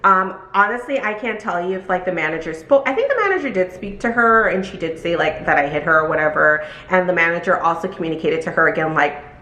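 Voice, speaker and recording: Animated woman. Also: fast, few pauses, echoey room. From Brooklyn, New York. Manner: animated, acts out quotes in high voices. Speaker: vlogger telling a storytime. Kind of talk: casual storytime chat.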